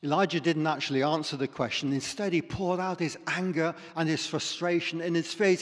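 A man's voice: a little high, steady tone, a little fast, hardly any pauses. Man preaching in an echoing church. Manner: dramatic storytelling, sinks to near whispers. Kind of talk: sermon. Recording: long reverb in a church hall.

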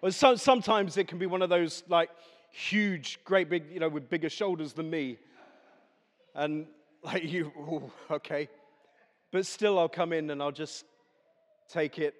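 A man's voice: a little high, moderate pace. A man preaching a chatty, humorous sermon, telling stories to a congregation. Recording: echoey hall.

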